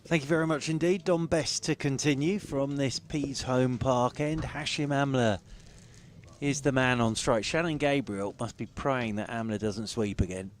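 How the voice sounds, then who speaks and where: A man calls cricket ball by ball for radio in a brisk, good-humoured way. His voice sits at an ordinary middle pitch, with easy, level delivery. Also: a little hiss or hum.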